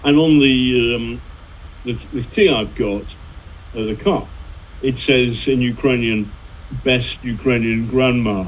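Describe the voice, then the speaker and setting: A man's voice: medium pitch, takes it slowly, a little hiss or hum, rough recording. A middle-aged man, a journalist and author, telling anecdotes in a rambling way, full of fillers and restarts. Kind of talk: conversational storytelling.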